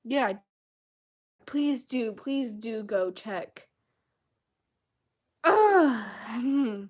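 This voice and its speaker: A woman's voice: fairly high pitch, animated, extremely slow. A young woman ranting angrily and with lots of swearing in a casual vlog, exasperated and fed up. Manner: angry, profane, exasperated.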